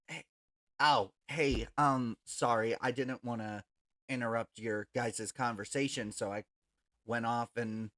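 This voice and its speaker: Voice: medium pitch, fairly even intonation, a little slow, a bit bright, close to an everyday voice. A game master voicing a woman who hesitantly apologizes and then asks for opinions on her new look. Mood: shy.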